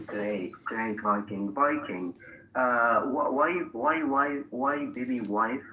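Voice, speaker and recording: A man's voice: mid-range voice, takes it slowly, sharp tone. A man in a heated audio-room debate, insistent and repeating short questions. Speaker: debate participant. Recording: echoey room with faint background noise.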